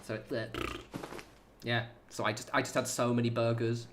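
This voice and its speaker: A man's voice: mid-range voice, level tone, moderate pace, noisy background. A man chatting casually on a gaming livestream at home, rambling and swearing freely. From United Kingdom. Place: home apartment.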